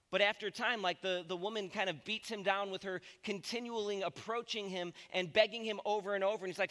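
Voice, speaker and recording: A man in his thirties, a pastor, preaching a sermon and telling stories with lively acted-out voices. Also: sits high, quick pace, hardly any pauses, long reverb tail. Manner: animated storytelling, acts out voices.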